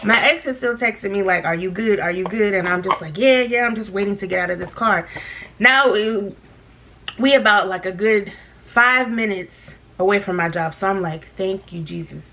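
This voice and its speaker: A young woman vlogger telling a story while she does her makeup, animated, laughing often and talking straight to her viewers. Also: medium pitch, moderate pace, slight background noise. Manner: animated, laughing, talks to viewers as girl and y'all.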